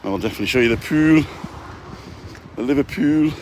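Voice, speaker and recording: A man's voice: medium pitch, a little fast, a little mellow, slight background noise. A man with a cold giving a jokey, chatty live-stream walking tour, talking into a phone he holds as he walks outdoors. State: has a cold. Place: outdoors, walking through a residential complex. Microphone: handheld phone.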